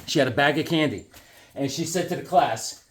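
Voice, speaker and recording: Rambling, animated Northeastern man. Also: a little high, fairly quick. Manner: rambling storyteller acting out the people he quotes. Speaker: comic collector vlogger. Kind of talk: casual chat showing comics.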